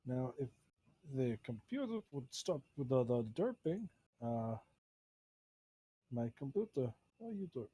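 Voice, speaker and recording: A man running a tabletop game as game master, narrating in a halting way with many fillers. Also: mid-range voice, big pitch swings, dark tone, slightly rough, no room sound.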